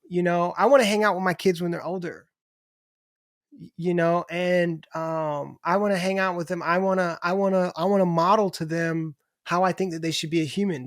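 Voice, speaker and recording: A man's voice: high voice, dry recording, clean studio sound. A middle-aged man talking candidly as a podcast guest, restarting his sentences and swearing casually. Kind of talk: casual conversation.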